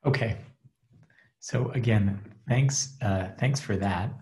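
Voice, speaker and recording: A man's voice: lowish voice, takes it slowly, a little mellow. A man, a rabbi, giving a casual class presentation over a video call, chatty and joking with many fillers. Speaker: rabbi and relationship teacher.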